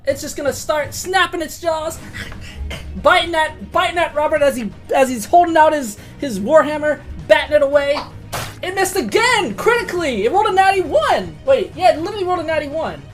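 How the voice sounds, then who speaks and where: Excitable high-voiced woman running a game. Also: brisk, faint music behind. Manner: excitable, swears casually, laughs often. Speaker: game master. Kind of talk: casual tabletop game narration.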